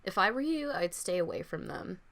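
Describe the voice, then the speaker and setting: A woman's voice: on the low side, sing-song, brisk, creaky, a bit bright, full character voice. A woman voicing a bossy, outspoken teenage schoolgirl in a scornful, blunt way.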